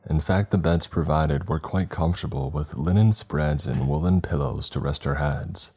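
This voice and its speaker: Very deep-voiced man narrating horror. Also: breathy edge. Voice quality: very deep, dark voice. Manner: slow, measured, grave delivery.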